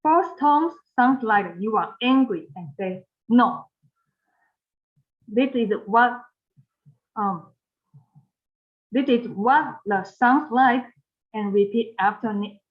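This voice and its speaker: A woman with a Mandarin Chinese accent teaching pronunciation, speaking slowly, repeating phrases and modeling tones for learners to repeat. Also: a little high, highs cut off. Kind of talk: pronunciation lesson.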